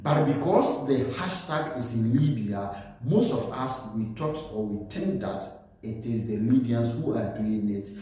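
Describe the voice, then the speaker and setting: A man giving earnest commentary as a vlogger, speaking slowly and repeating himself to stress his points. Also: medium pitch, lively intonation, warm tone. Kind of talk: earnest spoken commentary to camera. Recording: very echoey room.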